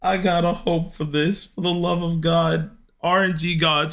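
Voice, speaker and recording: A young adult man chatting casually and rambling while he streams a game, leaping into high excited yelps. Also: measured pace, gravelly, few pauses. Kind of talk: casual gaming stream chat.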